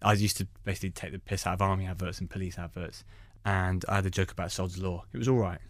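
A man, a stand-up comedian, telling anecdotes in an animated way. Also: low-pitched, quick pace, no room sound. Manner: animated storytelling. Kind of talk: conversational anecdotes.

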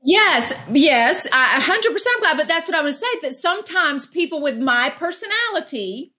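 A woman talking as a guest in a casual chat, reserved and soft-spoken. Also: high voice, very animated, moderate pace. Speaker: guest, best friend of host.

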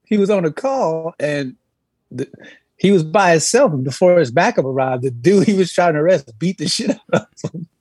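Man, storyteller, laughing, lively pitch, husky edge. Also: normal speed, no room sound. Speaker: podcast co-host. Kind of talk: casual podcast chat.

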